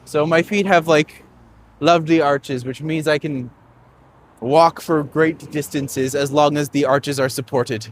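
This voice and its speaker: A man's voice: fairly high pitch, steady tone, a little slow, slight background noise. A man from Canada, a tour guide, chatting and joking while walking uphill outdoors. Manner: joking and chatty, laughs often. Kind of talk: casual chat while walking.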